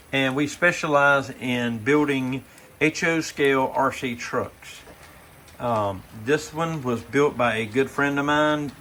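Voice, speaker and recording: A man's voice: medium pitch, fairly bright tone, slight background noise. A man with a Southern US accent giving a rambling, folksy tour of his model railroad layout, filming it himself on a handheld phone. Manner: folksy and rambling, with fillers and 'but anyhow'. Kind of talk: casual layout tour video. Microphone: handheld phone camera while filming.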